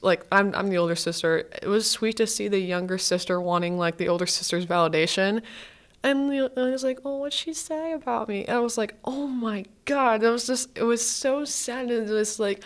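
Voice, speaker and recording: A woman's voice: medium pitch, smooth. A woman student hosting a podcast, chatting casually and gushing as a fan, with lots of "like" and restarts. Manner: chatty, gushing, heavy use of "like". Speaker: podcast host.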